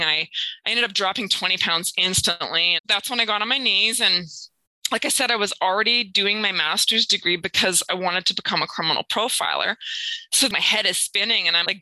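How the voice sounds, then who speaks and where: A woman's voice: lowish voice, no room sound, rough recording. A woman, a guest sharing her faith testimony and acting out the people in it. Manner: lively, acts out quotes with laughs and sighs. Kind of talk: personal storytelling in an interview.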